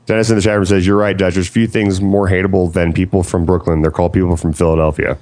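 A man's voice: sits low, level tone, quick pace, a little mellow, dry recording. A man co-hosting a casual podcast chat, blunt and opinionated, teasing the others. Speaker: podcast co-host.

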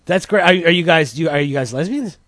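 Wisecracking man, slightly high voice. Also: expressive, fast, fairly bright tone, no echo, clean studio sound. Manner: teasing, wisecracking. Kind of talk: casual banter.

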